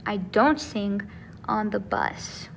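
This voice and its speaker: A woman's voice: medium pitch, expressive, takes it slowly, gravelly, a little hiss or hum. Patient woman teaching a grammar lesson. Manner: patient, explains step by step with frequent "okay?" and "right?". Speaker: Spanish teacher.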